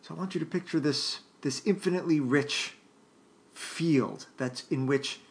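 Halting, gravelly-voiced man lecturing. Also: a little high. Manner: thoughtful, halting, many restarts and fillers; addresses listeners directly, often checking with "right?". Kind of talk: unscripted philosophy lecture.

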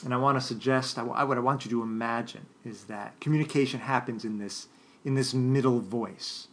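Halting, gravelly-voiced man lecturing. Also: medium pitch, fairly even intonation, a bit bright. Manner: thoughtful, halting, many restarts and fillers; addresses listeners directly, often checking with "right?". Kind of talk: unscripted philosophy lecture.

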